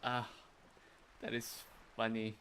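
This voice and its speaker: A man casually commenting on his game stream, sarcastic and quick to swear or laugh. His voice is bright and forward, with faint noise behind it. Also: fairly low pitch, monotone.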